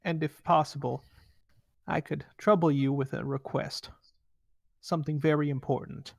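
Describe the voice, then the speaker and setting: A man voicing an elderly female gnome healer in a tabletop game, high and genteel. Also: steady tone, moderate pace, vocal fry, a little mellow, no room sound. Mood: prim. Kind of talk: tabletop role-play character voice.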